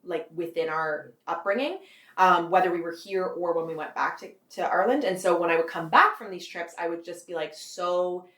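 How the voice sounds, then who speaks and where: A woman's voice: fairly low pitch, normal speed, a bit bright, roomy sound. A Canadian woman in her twenties, a guest author in a casual interview, rambling and filling her talk with "like". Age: 20s. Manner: rambling, heavy use of "like", frequent laughs.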